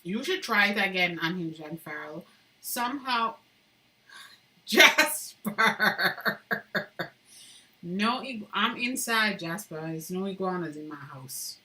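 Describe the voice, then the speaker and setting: A woman's voice: on the low side, animated, normal speed, sharp tone. A woman hosting a casual live stream from indoors at home, chatting with viewers and reading their comments aloud while she carves, with frequent laughter.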